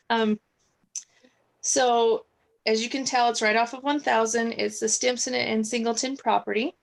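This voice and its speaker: A woman's voice: fairly high pitch, steady tone, measured pace, creaky, poor audio. A woman city staffer at home, presenting a subdivision plan to a council over a video call, chatty and apologetic with many fillers, losing her voice.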